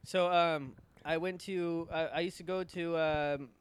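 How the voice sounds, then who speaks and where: A young man co-hosting a casual podcast chat, telling a halting story with many fillers and swearing. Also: a little high, fairly even intonation, smooth. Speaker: podcast co-host.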